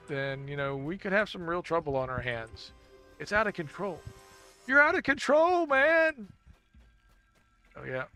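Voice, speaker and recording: A chatty male game streamer with a bright, forceful tone and a slightly high voice, rambling jokily and thanking his viewers as he plays. Faint game music runs underneath his talk. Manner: chatty and jokey, thanking viewers, with laughs and sudden loud exclamations. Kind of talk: casual live-stream chat while gaming.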